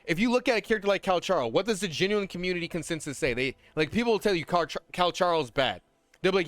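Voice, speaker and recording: A man ranting in casual, slangy talk as a gaming content creator, heated and animated, swearing freely. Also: high voice, fast, no echo, soft background music.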